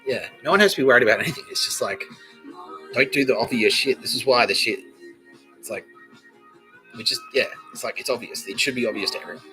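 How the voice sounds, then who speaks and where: A man's voice: medium pitch, fast talker, long pauses, bright, forceful tone, soft background music, poor audio. A man hosting a comedy podcast livestream, rambling, swearing freely and often breaking into laughter. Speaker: podcast host.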